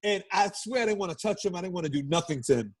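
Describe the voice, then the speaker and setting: A middle-aged man, guesting on an interview and telling stories in a loose, profane, animated way. His voice sits high for a man. It has a husky, slightly raspy grain. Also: fast talker. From Brooklyn, New York. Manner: animated, profane storyteller who acts out quotes. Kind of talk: casual storytelling interview.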